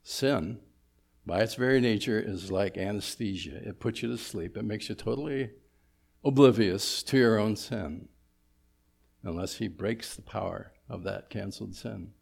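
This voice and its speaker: Low-voiced preacher with humorous asides. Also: male voice, unhurried, gravelly, darkish tone. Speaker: pastor. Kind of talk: sermon.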